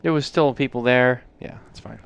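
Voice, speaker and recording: A man's voice: mid-range voice, normal speed, vocal fry, smooth. A man hosting a podcast, chatting casually, joking and teasing his co-hosts with some swearing. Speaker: podcast host. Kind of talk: casual chat. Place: podcast studio lounge.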